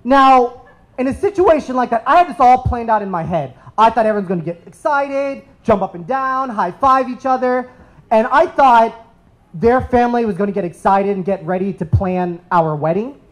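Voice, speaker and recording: Thirties man from the US, live stage storyteller, animated, playful, self-deprecating. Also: very high-pitched, normal speed, rough recording. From United States. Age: 30s.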